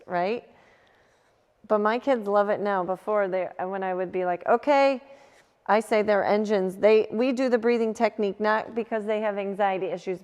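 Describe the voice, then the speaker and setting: Woman youth leader, unhurried gentle coaching talk, church hall reverb. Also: mid-range voice. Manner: gentle, coaching, many fillers and restarts. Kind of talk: youth group talk on anxiety.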